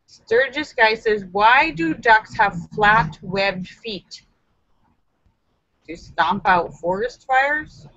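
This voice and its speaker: Playful woman with a lively, bright voice. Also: mid-range voice, extremely slow, no room sound, highs cut off. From United States. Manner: playful, reads viewer jokes aloud with comic asides. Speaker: host reading jokes. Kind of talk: live-stream joke reading.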